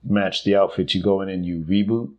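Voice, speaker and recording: A man's voice: low-pitched, fairly even intonation, brisk, dull audio. A man co-hosting a casual podcast chat, teasing his partner in a dry, wry way. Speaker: podcast co-host.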